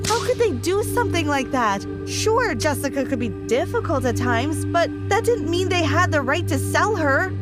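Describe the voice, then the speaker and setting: A woman narrating a first-person animated story in a dramatic, emphatic scripted style. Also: high voice.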